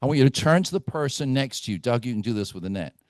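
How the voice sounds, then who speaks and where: A middle-aged man leads a team training in a meeting room, speaking bluntly and telling stories. He keeps checking in with his listeners. His voice sits at a medium pitch, recorded dry and close. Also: lively intonation, fast talker, darkish tone, no room sound. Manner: blunt, storytelling, asks "right?" often. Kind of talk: live team training talk.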